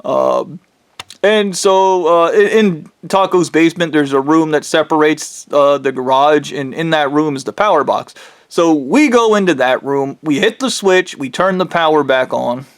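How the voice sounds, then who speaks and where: A man's voice: on the high side, moderate pace, smooth. A man telling a true spooky story in a casual, rambling way, swearing and correcting himself as he goes.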